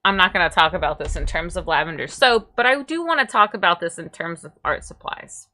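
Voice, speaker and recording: A woman's voice: fairly low pitch, animated, fairly quick, bright, forceful tone. A young woman streamer chatting casually, rambling and tripping over her words. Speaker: VTuber streamer. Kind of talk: casual livestream chat.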